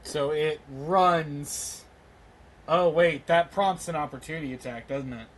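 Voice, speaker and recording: A man with a fairly high voice runs a tabletop game as game master. He halts often, filling gaps with ums and uhs, and laughs frequently.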